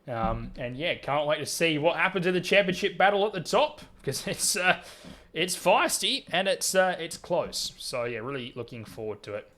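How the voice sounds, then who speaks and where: A man's voice: on the high side, big pitch swings, moderate pace, sharp tone. A man commentating a sim race and interviewing drivers afterwards, upbeat and calling everyone mate. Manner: upbeat, says "mate" a lot. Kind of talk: casual sim racing commentary.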